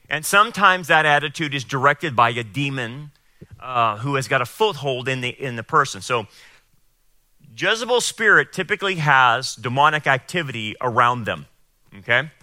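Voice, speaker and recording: Guy preaching a sermon, super bright voice, dry close sound, gets loud and emphatic. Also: medium pitch, lively intonation, no echo. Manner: emphatic, quotes people in raised voices, pauses to explain. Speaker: pastor. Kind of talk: sermon and Bible teaching.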